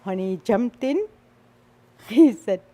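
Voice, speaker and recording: A woman's voice: a little high, animated, slow pace, warm tone. An older woman from the Northwest Territories of Canada, casually telling a personal story and laughing often as she goes. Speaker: storyteller guest.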